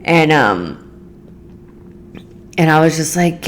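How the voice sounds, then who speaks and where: Alone on her own podcast, a woman with a low, deep voice talks in a casual monologue at a measured pace. She's earnest and rambling, restarting sentences and filling gaps with lots of "like" and "you know" while she figures out her point.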